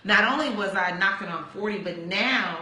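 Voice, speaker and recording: Woman in her forties, pastor, animated storyteller, acts out quotes, bright tone, echoey room. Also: mid-range voice, moderate pace. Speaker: pastor and guest sharing her testimony. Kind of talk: personal testimony told in conversation. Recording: roomy echo.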